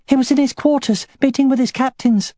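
A terrified young serving girl begs in a high, breathless voice, as a man reading an audiobook puts her on. She sounds mellow and close, with no room around her. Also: fairly even intonation, fairly quick, no echo. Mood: terrified pleading. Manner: pleading, breathless.

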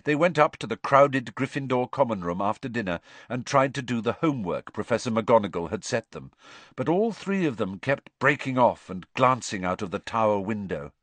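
A man narrating an audiobook with expressive storytelling, voicing every character himself. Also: medium pitch, moderate pace, no echo.

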